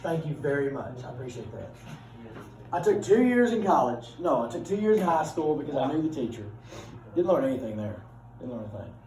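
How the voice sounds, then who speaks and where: A middle-aged man teaches a class in a casual, folksy, joking way, chatting with his students. His mid-range voice is sing-song, a little fast, and a little mellow. The microphone sits far from him, capturing a roomy classroom from a distance.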